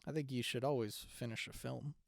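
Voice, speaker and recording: A man's voice: mid-range voice, fairly even intonation, fairly quick, creaky, no room sound, clean studio sound. A young man co-hosting a podcast in casual chat, rambling with lots of fillers and restarts. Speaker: podcast co-host.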